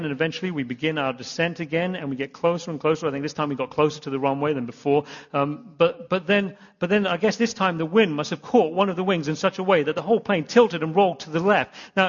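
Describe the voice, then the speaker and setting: A man's voice: a little high, fast, hardly any pauses. A man giving a sermon as a pastor, telling a rambling, self-deprecating story full of restarts. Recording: long reverb, muffled hall sound.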